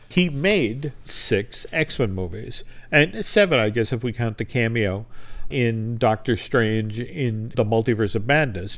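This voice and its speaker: Man retelling a story on a podcast. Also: mid-range voice. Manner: retells anecdotes, briefly acting out quoted lines. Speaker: podcast co-host. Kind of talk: casual storytelling chat.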